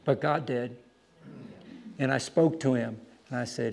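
A man preaching, telling a story about street preaching with lively, animated delivery and acted-out voices. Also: medium pitch, normal speed, gravelly. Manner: animated storytelling, acting out other voices loudly. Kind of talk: sermon with storytelling.

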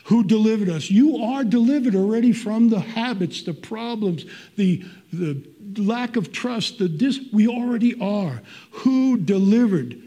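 Older man, husky, high-pitched voice, earnest sermon, folksy asides. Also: expressive, unhurried, few pauses, warm tone. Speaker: preacher.

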